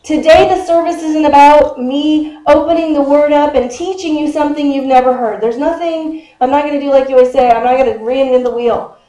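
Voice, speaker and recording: A woman's voice: high-pitched, fairly even intonation, brisk, few pauses, dark tone. A woman pastor in her fifties giving a conversational sermon. She chats with her congregation, quizzes them and laughs often. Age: 50s. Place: church sanctuary. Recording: echoey church sanctuary.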